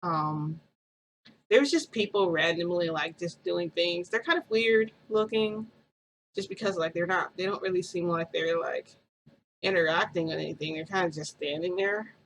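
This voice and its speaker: A woman's voice: lowish voice, normal speed, slight background noise, rough recording. A woman vlogger casually telling a first-person story, rambling and full of "like" fillers.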